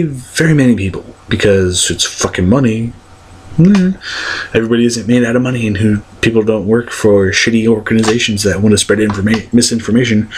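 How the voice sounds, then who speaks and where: A man's voice: on the low side, slight background noise. A young man ranting casually to his viewers, blunt and profane, rambling with many fillers. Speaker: vlogger. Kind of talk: casual rant to camera.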